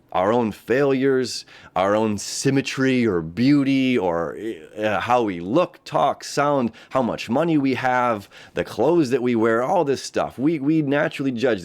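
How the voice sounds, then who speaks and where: A man, hosting a casual astrology talk, rambling and repeating himself, and often laughing. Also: mid-range voice. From United States. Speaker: astrology host. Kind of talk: casual spoken horoscope talk. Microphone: camera setup.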